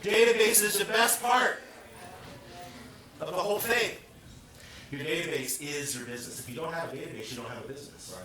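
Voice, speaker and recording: A man's voice: fairly high pitch, brisk, pauses often, pushed and bright. A man leading a team meeting in front of a large audience, joking around and firing questions at the room. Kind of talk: lively team meeting talk. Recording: echoey room, speaker far from mic, crowd sounds.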